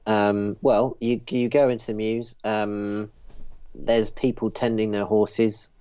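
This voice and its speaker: A man narrates as game master of a tabletop game, pausing often with fillers. His voice sits low, and the recording is dull and lo-fi. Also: little pitch movement, dark tone, clean tone. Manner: halting, full of fillers.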